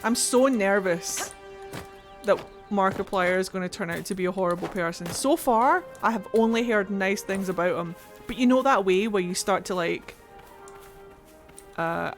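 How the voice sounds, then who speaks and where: A Scottish woman streams a game from her home, talking easily with her chat and swearing freely when the action heats up. Her voice sits at an ordinary middle pitch. Faint music plays underneath her. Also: normal speed. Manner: excitable, swears freely, chatty with viewers. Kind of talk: casual livestream chat while playing.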